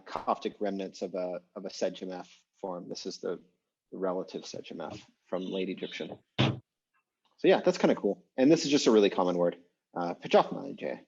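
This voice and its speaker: A man with a fairly low voice leads an online class and talks through the material casually, with plenty of "um"s and "uh"s. His voice comes through a dull, lo-fi video-call microphone. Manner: relaxed, chatty explaining with many fillers. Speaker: online language teacher.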